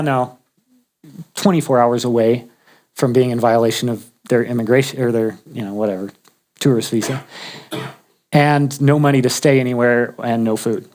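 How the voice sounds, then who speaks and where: A man's voice: medium pitch, a little mellow. A man casually telling a personal faith story, humorous and chatty, often restarting his sentences. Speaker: guest sharing a faith testimony.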